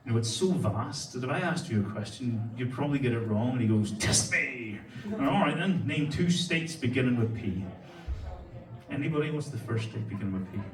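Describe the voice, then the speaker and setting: Male comedian, profane, brash, animated up-and-down delivery, echoey room, heard from a distance. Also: medium pitch, brisk, faint music behind. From Ireland. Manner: profane, brash, laughing at his own jokes. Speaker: stand-up comedian. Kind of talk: stand-up comedy set with crowd work. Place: comedy club stage with a laughing audience.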